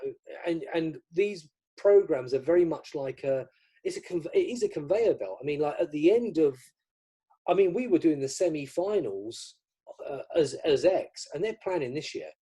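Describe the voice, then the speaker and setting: A man's voice: on the high side, animated, normal speed, dark tone, slightly rough. A middle-aged man from the UK, a magician guest in an interview, chatting casually and acting out the dialogue in his stories. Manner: chatty, acts out quoted dialogue.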